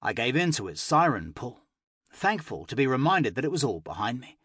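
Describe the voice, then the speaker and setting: A man narrating a first-person fantasy audiobook with expressive, emotional delivery. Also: mid-range voice, a little fast, husky, no echo, studio quality.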